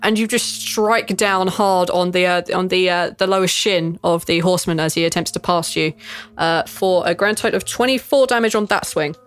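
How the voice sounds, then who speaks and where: A woman's voice: fairly low pitch, moderate pace, smooth. A woman narrating a tabletop role-playing game as game master, playful and swearing freely, laughing between lines.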